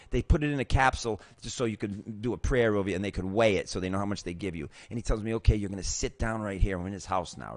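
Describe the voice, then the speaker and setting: A middle-aged man with a mid-range voice hosts his own show and shares a recovery story of his own. He tells it casually, with emotion and profanity, acting out other people's voices in an animated way, and the recording has no echo.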